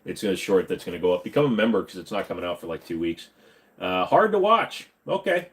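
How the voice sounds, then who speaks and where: A man's voice: low voice, expressive, fast, darkish tone. A man hosting a casual livestream Q&A, reading chat questions aloud, joking and rambling, correcting himself as he goes. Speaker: host.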